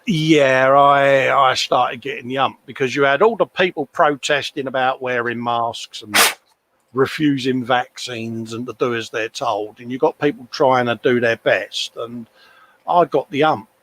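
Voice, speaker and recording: In his home workshop, this older man co-hosts a relaxed livestream, reading viewer comments and laughing frequently as he chats at the bench. His mid-range voice is fairly bright and unhurried, and a little background noise can be heard.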